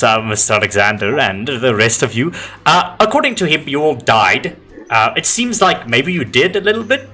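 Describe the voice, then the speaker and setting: A man voicing an excitable male innkeeper who gushes and giggles, his voice jumping high. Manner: gushing and giggly, voice jumps high.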